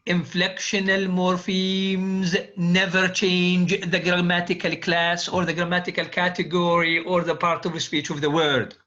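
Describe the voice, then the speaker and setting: This classroom lecture on linguistics comes from a man whose voice sits high, with a sharp, level tone. He speaks at a measured pace and barely pauses, repeating key phrases and firing quiz questions at students. The recording is dull and lo-fi.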